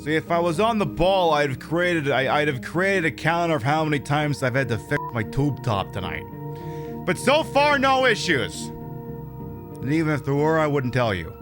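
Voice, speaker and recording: A man's voice: on the high side, very animated, normal speed, over music. A man streaming a game, rambling and joking about himself as he plays. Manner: rambling, self-mocking and jokey. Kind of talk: live gameplay commentary.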